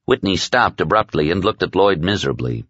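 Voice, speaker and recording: A deep-voiced male narrator reads a novel expressively, and his pitch moves a good deal. The recording is dry and close, with a slightly dull, muffled top end. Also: animated, fairly quick, a bit bright, no room sound. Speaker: audiobook narrator. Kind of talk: scripted narration.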